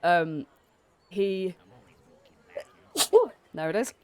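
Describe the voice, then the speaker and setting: Rambling game master with a cold. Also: male voice, high voice, fairly even intonation, drawn-out words, crowd noise. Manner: rambling, with lots of "like" and "sort of". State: has a cold. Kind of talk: narrating a tabletop game.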